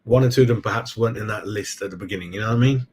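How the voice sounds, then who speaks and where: A man's voice: fairly low pitch, rapid-fire, a little mellow, husky. A man hosting a football fan channel, talking in a casual live-stream chat and answering viewers as he goes. He rambles from point to point and keeps dropping in "mate.". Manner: chatty, keeps saying "mate".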